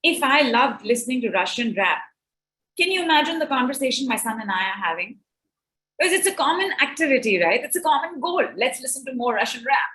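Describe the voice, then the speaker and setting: A middle-aged woman speaking on relationships at an online summit, animated and conversational, acting out quoted exchanges. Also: high-pitched, a little fast, low-quality recording.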